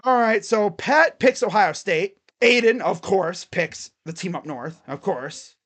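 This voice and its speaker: A man's voice: high-pitched, animated, unhurried, a bit bright. A man streaming casual college football chat, thinking aloud and rambling with fillers and restarts. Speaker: sports streamer.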